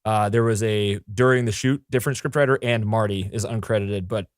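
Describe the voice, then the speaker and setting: A man co-hosting a casual film podcast, talking quickly and animatedly, slipping into mocking impressions of characters. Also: on the low side, steady tone, no echo, clean studio sound. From Irish heritage. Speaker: podcast co-host.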